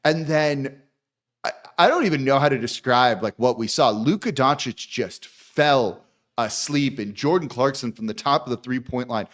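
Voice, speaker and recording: A man's voice: mid-range voice, animated, normal speed, fairly bright tone. Stammering man recapping a game. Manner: stammering, exasperated. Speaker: podcast host. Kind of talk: sports podcast recap.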